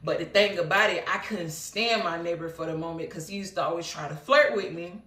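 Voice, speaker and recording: A woman's voice: on the low side, fairly quick, a bit bright. A woman casually telling a personal story as a vlogger, in a rambling, earnest way with many fillers and asides. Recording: roomy, mic at a distance.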